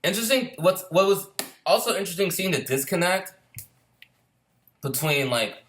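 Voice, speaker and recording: A man's voice: high voice, expressive, moderate pace, a bit bright. A middle-aged man, a screenwriter and former Marine, telling stories in casual chat, rambling and swearing freely, often restarting his sentences.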